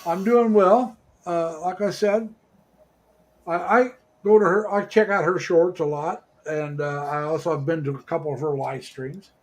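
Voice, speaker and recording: Middle-aged American man, slightly higher voice, hosts a casual live chat and rambles through fillers. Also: rough recording. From United States. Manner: rambling, halting with many fillers. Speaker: livestream host.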